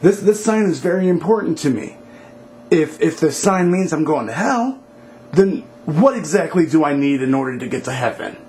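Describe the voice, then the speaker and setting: A man's voice: mid-range voice, slow, long pauses, slight background noise. A man voicing a hot-tempered, impatient male dictator who bursts out in stammering, indignant questions. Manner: excitable, stammering outbursts.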